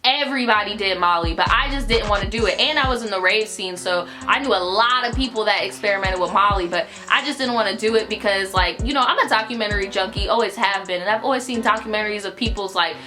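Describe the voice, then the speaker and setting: A young adult woman telling a story in an animated, profane, filler-heavy style. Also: mid-range voice, fast talker, hardly any pauses. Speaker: YouTuber. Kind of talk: casual storytime vlog. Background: music.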